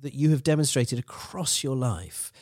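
A man's voice: medium pitch, lively intonation, moderate pace, darkish tone, no room sound, clean studio sound. A man hosting a podcast, asking questions eagerly and agreeing with enthusiasm. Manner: eager, agreeable questioner who laughs along. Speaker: podcast host. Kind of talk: casual podcast interview.

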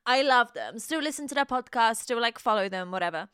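A young woman in her twenties co-hosting a casual podcast, bubbly and laughing often, with quick asides. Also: on the high side, expressive, fairly bright tone, clear, resonant tone, dry recording, clean studio sound. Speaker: podcast co-host. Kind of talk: casual chat.

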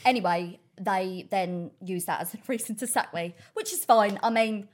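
A woman's voice: medium pitch, normal speed. A woman chatting casually on a podcast, telling blunt, laughing stories. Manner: chatty, swearing, laughing storyteller. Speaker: podcast guest. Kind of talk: casual chat.

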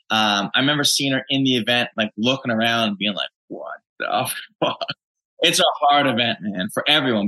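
A man's voice: mid-range voice, sharp tone, rough recording. A young man from New Jersey, a gym owner telling stories loosely in an interview, with lots of "like" and "dude" fillers. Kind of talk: casual interview chat.

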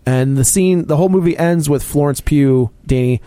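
A man's voice: fairly high pitch, normal speed, warm tone, clean tone, dry recording. A man talking casually about a movie as a podcast host, rambling and restarting his sentences often.

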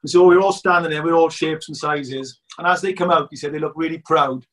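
A man's voice: a little high, brisk, far from the mic. A man, a documentary filmmaker chatting and telling football stories with lots of laughs. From Scotland. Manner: animated storyteller, laughs often. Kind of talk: casual chat.

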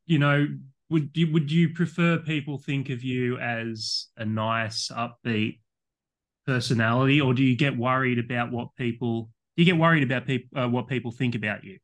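Male podcast host, mid-pitched, casual, hesitant questioner. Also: normal speed. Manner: hesitant questions with fillers and restarts. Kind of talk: casual interview.

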